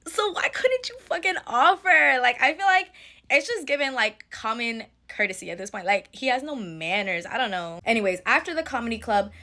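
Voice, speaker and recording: A young woman tells a story to camera in a casual, sassy vlog style. Her voice is bright and forceful and sits a little high, and she swears freely as she vents. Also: big pitch swings, a little fast. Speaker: storytime vlogger.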